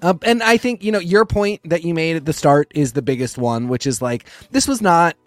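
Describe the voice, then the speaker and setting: A man's voice: fairly high pitch, expressive, moderate pace, no echo, clean studio sound. A man co-hosting a comics podcast, talking casually and rambling, often restarting his sentences. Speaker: podcast co-host. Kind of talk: casual chat about comics.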